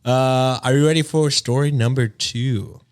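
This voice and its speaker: A man's voice: medium pitch, fairly even intonation, a little slow. Laid-back male podcast co-host. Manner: laid-back, jokey, reads stories aloud. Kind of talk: casual podcast chat.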